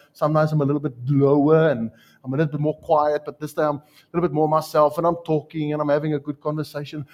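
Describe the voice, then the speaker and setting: A man with a South African accent preaching a sermon, telling stories with jokes and lively asides. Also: a little high. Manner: storytelling, joking, animated asides. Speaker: pastor.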